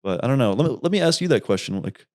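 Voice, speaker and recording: A young man, a YouTuber and podcast guest, telling rambling, animated stories in casual talk and swearing freely. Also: medium pitch, racing. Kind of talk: casual storytelling.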